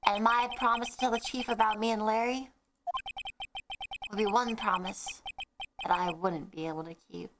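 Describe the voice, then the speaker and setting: A woman voicing a young male lawyer narrating in a game, wistful and lowered. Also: steady tone, normal speed, long pauses, natural voice, low-quality recording. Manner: wistful storytelling. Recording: game music behind.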